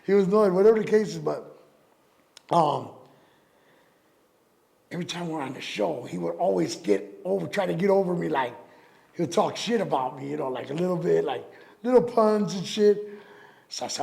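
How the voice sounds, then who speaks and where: A middle-aged rapper and DJ, guesting on an interview, tells profane, animated stories and acts out other people's voices. His voice sits on the high side and is expressive, fairly quick, creaky and a little mellow, with long pauses.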